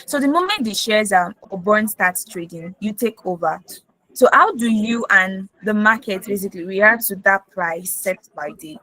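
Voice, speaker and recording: A woman moderating a finance webinar, asking questions slowly and restating them. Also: mid-range voice, animated, pushed and bright, no echo, low-quality recording. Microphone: video call.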